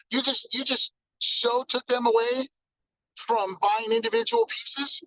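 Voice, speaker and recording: A man giving an energetic sales training talk, acting out exchanges with customers. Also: very high-pitched, normal speed, creaky, rough recording.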